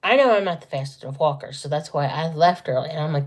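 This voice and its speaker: A woman's voice: deep voice, fast. A woman vlogger telling a long story in a rambling, chatty way, full of asides and self-corrections. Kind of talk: casual storytelling to camera.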